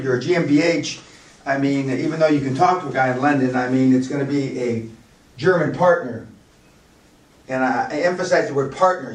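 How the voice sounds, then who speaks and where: Older man lecturing at a live seminar, blunt and rambling, full of asides. the mic sits far off and the room echoes a lot. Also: fairly high pitch. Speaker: seminar speaker.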